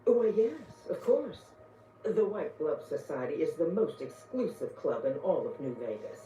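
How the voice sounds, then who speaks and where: A snobbish high-society lady. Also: a little slow, recorded from a distance, a little hiss or hum. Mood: gracious. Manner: smooth, flattering, refined. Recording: roomy game audio from afar.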